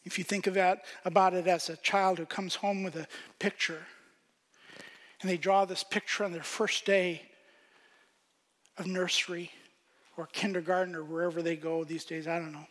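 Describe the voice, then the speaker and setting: A man preaching a sermon as pastor, swinging from loud emphasis to hushed whispers. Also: high voice, flat delivery, moderate pace, pauses often, big-room sound.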